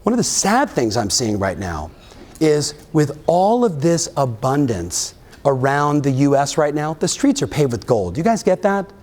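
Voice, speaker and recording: A man giving an energetic motivational keynote to a live audience, often firing questions at the crowd. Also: on the high side, measured pace. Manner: energetic, keeps quizzing the audience. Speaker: real estate coach and keynote speaker. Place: live event in front of an audience.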